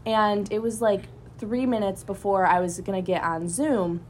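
A young woman, a college student and student club member, telling a story in a casual podcast chat, animated and full of fillers. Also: medium pitch, normal speed, slight background noise. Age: young adult.

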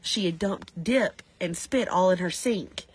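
Laughy woman on a podcast, kinda husky, telling stories casual. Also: on the low side, unhurried, no room sound. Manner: laughing storyteller. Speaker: podcast co-host. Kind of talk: casual chat.

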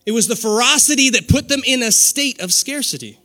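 A man in his forties preaching a sermon, animated, with call-and-response and laughter. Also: very high-pitched, brisk, faint music behind. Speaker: pastor.

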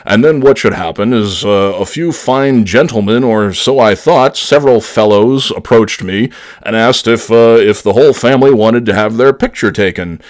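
A grumbling elderly relative, voiced by a man who speaks in a low voice. He rambles slowly through his story and keeps starting his sentences over, in the style of a prank voicemail comedy. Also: close to an everyday voice. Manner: slow rambling storytelling, halting restarts.

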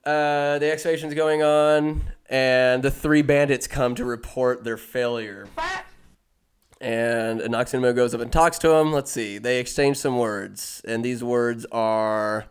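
Smooth-voiced man rambling a comic recap. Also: medium pitch, fairly even intonation, unhurried. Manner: rambling, jokey asides, self-interrupting. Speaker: movie recap host.

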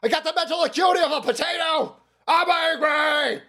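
A man putting on a mocking voice of a confused, angry old male politician who whines and shouts. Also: very high-pitched, normal speed, pitched above the performer's own voice, heavily acted. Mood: frustrated.

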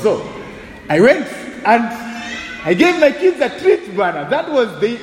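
A man preaching a sermon with animated, humorous delivery, mixing English and Swahili. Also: very high voice, measured pace, reverberant, in a large hall, rough recording. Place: church sanctuary.

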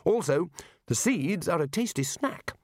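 Brief: man doing a bossy, hearty elderly wizard boss, booming and brisk. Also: expressive, fairly bright tone, dry recording, clean studio sound. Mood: cheerful. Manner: booming, brisk and cheerfully dismissive. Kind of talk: audiobook character voice.

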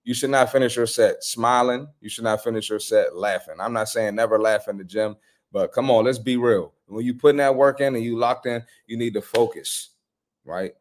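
A man's voice: mid-range voice, moderate pace. Blunt, profane male trainer. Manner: blunt, profane, slangy trash talk. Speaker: personal trainer and live stream host. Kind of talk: live reaction stream commentary.

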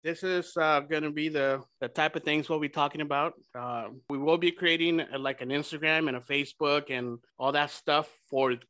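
A young man with a bright, somewhat high voice that has a forceful edge. He spins a crude, animated story, mixing English and Spanish and acting out each exchange. The sound is close and dry, with no room around it. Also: normal speed, few pauses, no echo. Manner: profane, animated retelling with quoted dialogue. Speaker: podcast host.

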